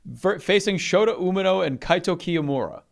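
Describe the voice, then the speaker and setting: Lively, animated man in casual chat. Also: sits high, normal speed, vocal fry. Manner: animated, swears freely. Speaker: podcast co-host.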